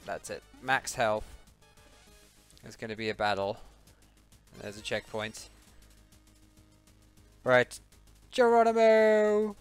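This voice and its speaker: Male let's-play host, excitable and yelpy, slow-talking between outbursts, faint game music behind. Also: fairly low pitch. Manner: excitable, yelps and panicked exclamations. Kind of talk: gaming commentary.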